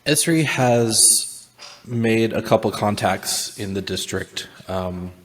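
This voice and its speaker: A man describing his character in a tabletop game, halting with many fillers and restarts. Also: fairly low pitch, fairly bright tone. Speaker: player.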